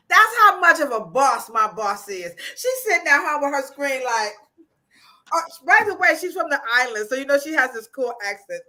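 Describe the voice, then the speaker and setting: Lively, bright-voiced woman hosting a livestream. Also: high-pitched, normal speed, long pauses. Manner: animated, playful, quotes rap lyrics and laughs often. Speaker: host. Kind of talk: casual livestream chat.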